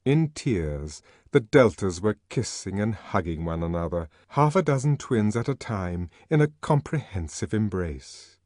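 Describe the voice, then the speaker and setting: A man narrates an audiobook with a dramatic reading, his pitch rising and falling a lot. He takes it slowly and deliberately. The sound is dry and close. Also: big pitch swings, a little mellow, dry recording. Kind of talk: scripted narration.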